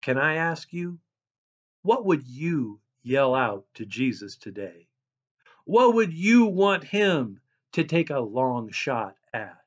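A man preaching a sermon as a pastor, reading scripture and describing himself as a loud person. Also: fairly high pitch, very animated, takes it slowly, muffled recording.

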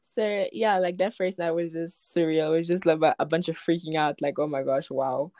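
A woman's voice: lowish voice, fairly quick. A young woman, a poet telling her story in a casual interview and acting out the people she quotes. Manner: animated, acts out quoted voices, frequent "like" and laughter.

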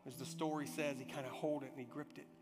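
A man preaching a sermon, telling a story dramatically, swinging from urgent loud passages to hushed, quiet ones. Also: medium pitch, fairly even intonation, fast. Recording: long hall reverb with music behind.

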